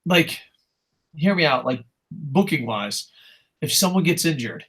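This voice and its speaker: A young man co-hosting a casual wrestling podcast, ranting in a profane, animated way. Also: medium pitch. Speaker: co-host.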